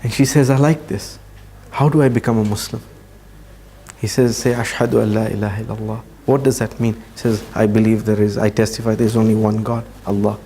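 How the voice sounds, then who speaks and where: A man giving a talk to an audience, telling a story at an unhurried pace and dropping his voice to near-quiet at emotional moments. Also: fairly low pitch, slight background noise. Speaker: speaker at a training session.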